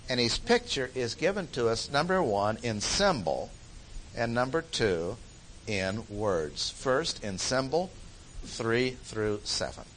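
A man's voice: medium pitch, big pitch swings, slow, fairly bright tone, a little hiss or hum, rough recording. A man teaching a Bible study lecture in an emphatic way, repeating key phrases for stress.

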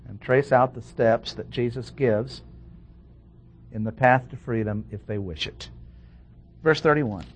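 A man's voice: mid-range voice, a little slow, pauses often, a little hiss or hum. Man teaching a methodical sermon. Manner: methodical, emphatic Bible teaching, reading verses aloud. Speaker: pastor. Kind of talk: expository sermon.

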